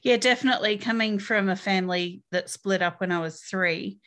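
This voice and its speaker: A woman's voice: mid-range voice, a little fast, fairly bright tone. Aussie woman guest on a podcast, chatty and frank, laughs a bit as she talks. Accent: Australian. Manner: frank and upbeat, with small laughs. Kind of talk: casual interview answers.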